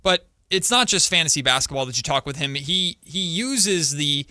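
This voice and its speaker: A man co-hosting a sports radio show, chatting casually and teasing his co-host in an animated way. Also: a little high, normal speed, dry recording, clean studio sound.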